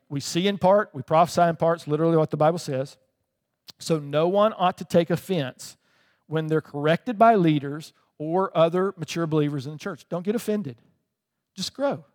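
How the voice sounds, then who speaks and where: High-voiced man preaching in a reverberant hall. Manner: conversational preaching with frequent "right?" asides. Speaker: pastor. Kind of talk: sermon.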